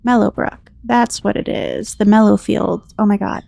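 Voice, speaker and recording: Woman, American accent, relaxed rambling game commentary, very fry-heavy, dry close sound. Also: medium pitch, moderate pace, no echo. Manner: chatty, rambling, reads game text aloud. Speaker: gameplay commentator.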